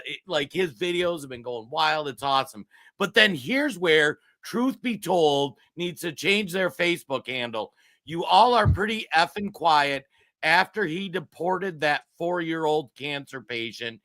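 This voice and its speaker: A man's voice: fairly high pitch, pushed and bright. A co-host of a political commentary show, a man who gets heated and raises his voice while reading out and answering a comment. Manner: heated, raising his voice, worked up. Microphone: streaming studio mic.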